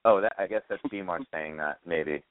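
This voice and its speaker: A man's voice: low-pitched, moderate pace, smooth, no room sound. Man on a tinny phone line. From United States. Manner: swears freely, reads comments aloud with wry asides. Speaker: podcast host. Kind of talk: casual chat over the phone. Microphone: phone call.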